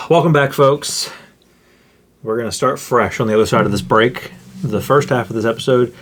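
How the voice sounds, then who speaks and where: A young man co-hosts a casual podcast, ranting and mocking as he goes. His pitch swings widely around a middle register, rising and falling with every point he makes. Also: measured pace. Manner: animated, ranting, mocking voices in quotes. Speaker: podcast co-host. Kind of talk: casual chat.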